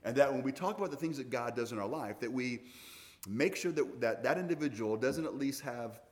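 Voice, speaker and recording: Middle-aged guy preaching, chatty storytelling sermon, average-pitched voice, keeps restarting his sentences. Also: a little fast. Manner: conversational storytelling with frequent restarts. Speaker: pastor.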